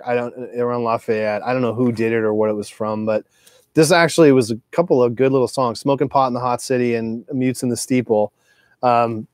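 A record collector in his forties talks through his collection in a medium-pitched, darkish voice, recorded dry with clean studio sound. His casual monologue rambles and digresses, loaded with swearing and filler words.

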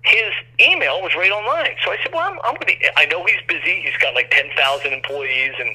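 A man's voice: fairly high pitch, lively intonation, fairly quick, bright, forceful tone, husky. A man telling a long, rambling story as an interview guest, acting out quoted voices, over a phone line.

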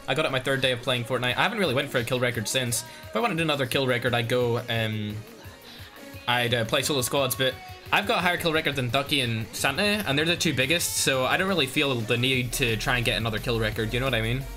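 A young Northern Irish man commentates his own gameplay for a live stream, bursting into excited shouts and then dropping to quiet mutters as he greets chat in slangy banter. His voice is bright and forceful. Faint music plays behind him. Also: medium pitch, fast talker. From Northern Ireland. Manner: excitable, slangy, swings between loud outbursts and muttering. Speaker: game streamer.

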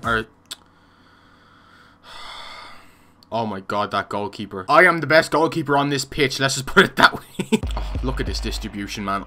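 A young man giving casual, excitable gameplay commentary, swearing and laughing often. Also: medium pitch. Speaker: gaming YouTuber.

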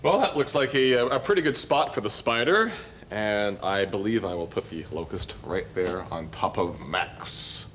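A man, a guest singer-songwriter, talking gently and playfully on a children's TV show. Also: lowish voice, expressive, a little slow, a little hiss or hum. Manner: friendly, gentle, storybook-like. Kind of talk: children's TV acting and singing.

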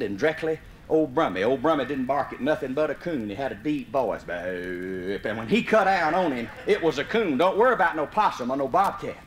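A man from Mississippi with a Southern US accent, telling a folksy comic story to a live audience and breaking into hollers. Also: a little high. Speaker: comedic storyteller. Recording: vinyl live recording, roomy, faint hiss.

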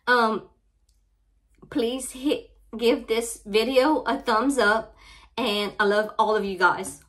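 Teary, shaky-voiced Southern woman, slow. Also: on the high side. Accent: Louisiana Southern. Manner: soft, halting, full of fillers. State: shaky voice, holding back tears. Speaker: craft channel host. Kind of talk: emotional unboxing vlog.

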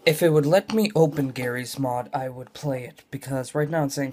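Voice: mid-range voice, normal speed, hardly any pauses, a little hiss or hum. Tired, rambling young vlogger. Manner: rambling and scatterbrained, jumps from loud outbursts to mumbled asides. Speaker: gaming vlogger. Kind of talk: casual rambling vlog to camera. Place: dim room at home.

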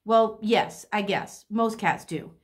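A woman's voice: medium pitch, takes it slowly, lightly acted. Woman playing a grumpy exasperated tomcat. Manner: exasperated, insistent. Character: grumpy young male house cat.

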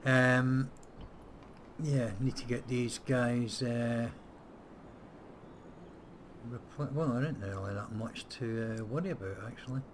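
A man's voice: medium pitch, takes it slowly, long pauses, noisy background. A man hosting a casual let's-play, thinking aloud as he plays, with frequent hesitations and the odd blunt swear word. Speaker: gameplay host.

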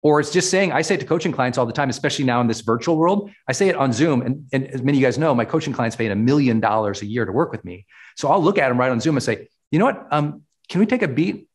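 A middle-aged man giving a motivational talk as a personal development coach, stressing key words by slowing down. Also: mid-range voice.

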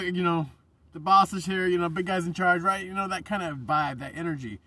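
A man with a husky, slightly breathy voice talks to his viewers in a loose, meandering monologue. He swears freely, gets passionate, and often breaks off mid-sentence to start over. His voice sits a little away from the mic. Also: high voice, fairly quick, bright, forceful tone, no echo, far from the mic. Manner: passionate, profane, meandering with frequent restarts. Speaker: vlogger. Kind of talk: casual rambling monologue to camera.

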